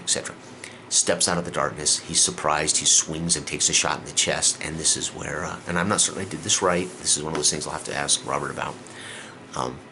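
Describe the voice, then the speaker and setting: Game master recap: man, very deep gravelly voice, rambling delivery full of fillers, faint hiss on the recording. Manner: rambling, with many fillers and restarts. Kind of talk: casual tabletop game recap.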